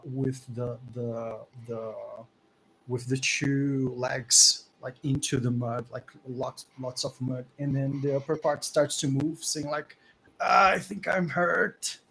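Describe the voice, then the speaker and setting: A man narrating as game master of a tabletop game, pausing often with fillers as he describes the scene. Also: mid-range voice, a little hiss or hum, rough recording. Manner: hesitant, many fillers while describing.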